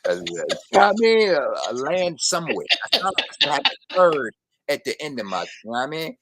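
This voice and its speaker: A man, a sports reporter and guest on a podcast, talking in a relaxed, slangy way and laughing easily. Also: on the high side, brisk, background noise. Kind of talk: casual podcast interview.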